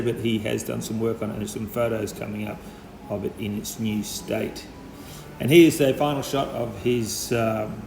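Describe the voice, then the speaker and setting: A man with an Australian accent hosting a casual video, relaxed and chatty with lots of fillers. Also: mid-range voice, gravelly, a little hiss or hum. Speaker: host. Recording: echoey room.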